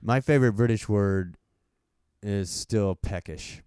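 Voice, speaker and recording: A man's voice: lowish voice, takes it slowly, darkish tone, smooth, no echo, studio quality. A young man from Texas with a Texan accent, co-hosting a casual podcast chat, laid-back and often laughing. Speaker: podcast co-host.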